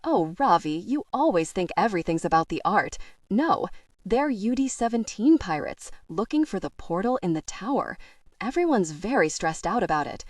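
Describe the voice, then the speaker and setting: A deep-voiced middle-aged mother with a British accent and a faint South Asian lilt, as a woman narrator puts her on. She is brisk, fretful and quick to scold. The voice sits dry and a little back from the mic in this storybook reading. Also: big pitch swings, dry recording, recorded from a distance. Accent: British with a hint of South Asian. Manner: exasperated, scolding.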